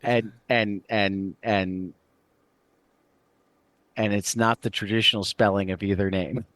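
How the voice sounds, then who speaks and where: A man co-hosting a comics podcast in casual chat, relaxed and agreeable, often stumbling over his words. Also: on the low side, slow, no echo. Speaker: podcast co-host.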